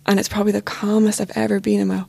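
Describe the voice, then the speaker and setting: A young woman recounting her own story in a casual, chatty way, her speech dotted with fillers. Her mid-pitched voice has a gravelly fry running through it. She sounds close and dry, with no room around her. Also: level tone, very fast, darkish tone, no room sound. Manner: casual, frequent filler words. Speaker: podcast guest. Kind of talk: personal storytelling.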